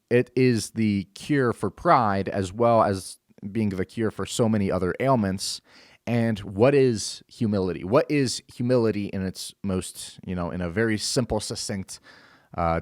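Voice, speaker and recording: A young man hosts his own show and gives an earnest religious talk, explaining his point step by step. His voice sits a little low, and he often stops with fillers and restarts his sentences. The recording is dry and close, with no room sound. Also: dry recording. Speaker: show host.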